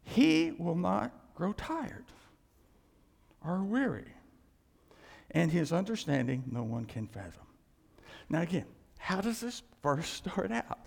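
Male pastor mid-sermon, high and lively pitch, animated with hushed asides, church hall reverb. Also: vocal fry, husky. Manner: animated preaching, acting out quoted voices, hushed asides.

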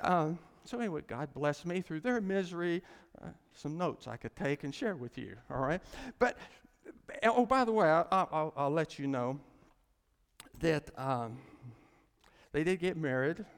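Male pastor, folksy storyteller, animated delivery, long hall echo. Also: high-pitched. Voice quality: animated, folksy, acts out the people in his stories. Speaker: pastor and marriage counselor. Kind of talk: storytelling sermon.

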